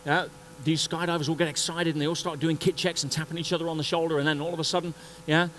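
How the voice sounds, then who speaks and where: A man giving a motivational talk at a conference, telling a story in an animated way and acting out the scenes. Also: a little high, fast talker, a little hiss or hum, low-quality recording. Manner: animated, acts out scenes and voices. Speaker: conference speaker. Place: conference stage before an audience.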